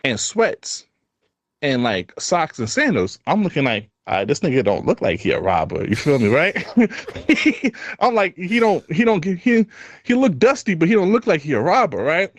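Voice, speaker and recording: Speaking at normal speed with big swings in pitch, this slightly high-voiced podcast co-host spins a casual yarn in Brooklyn street slang. He laughs throughout, and the sound is dry.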